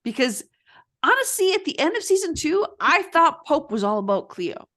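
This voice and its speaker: Woman, podcast co-host, casual chat, animated, laughing, high-ish voice, very expressive pitch. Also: moderate pace. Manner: animated, laughs often, exclaims.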